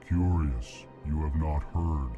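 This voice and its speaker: An actor voicing a huge, formal male alien ambassador who names each emotion before he speaks, in a flat delivery. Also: rumbling low, takes it slowly, lo-fi sound. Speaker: diplomat. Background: game music.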